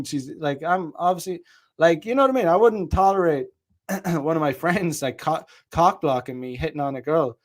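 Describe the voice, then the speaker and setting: A man with a slightly high voice tells a story in a loose, casual monologue. He rambles and swears, his tone stays indignant, and he restarts his sentences often. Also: normal speed. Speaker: vlogger.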